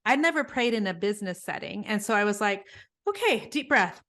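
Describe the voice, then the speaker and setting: A middle-aged woman guest in an interview, telling stories in an earnest, animated way. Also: mid-range voice, quick pace. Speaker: guest, business coach. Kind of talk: conversational interview.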